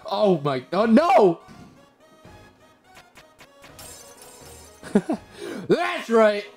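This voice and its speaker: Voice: mid-range voice, creaky, pitched above the performer's own voice. A streamer voicing a brash, hot-headed female warrior who leads a royal guard, reading video game dialogue aloud. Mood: excited. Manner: brash, loud and teasing.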